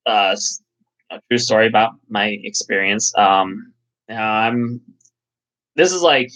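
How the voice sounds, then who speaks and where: A man's voice: lowish voice, slow pace, fairly bright tone, low-quality recording. A man hosting a casual live chat, rambling and swearing, with lots of fillers. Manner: rambling, profane, full of fillers. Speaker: channel host.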